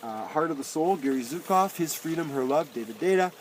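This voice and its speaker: A man's voice: a little high, expressive, fairly quick, a little hiss or hum, low-quality recording. A man reading aloud a long list of self-help titles and their authors, with dry, wry asides and his voice dropping on each name.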